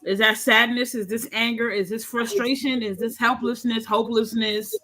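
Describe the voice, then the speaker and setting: A woman's voice: a little high, normal speed, rough recording. A woman in her thirties, speaking frankly and with animation as a podcast panelist in a candid discussion. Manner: frank and animated, acts out quoted voices.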